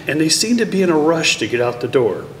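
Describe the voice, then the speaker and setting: A man's voice: sing-song, a little fast, a little hiss or hum. Middle-aged father telling a story in an echoey hall. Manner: storytelling, acts out dialogue with raised pitch. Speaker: parent introducing his child. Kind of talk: anecdotal speech at a ceremony. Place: large hall at a school event. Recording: echoey hall, mic from far off.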